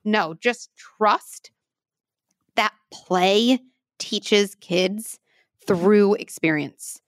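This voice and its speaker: A woman's voice: medium pitch, slow pace, no room sound, studio quality. Earnest woman explaining parenting advice. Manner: warm, earnest, lively with examples. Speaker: parenting expert guest.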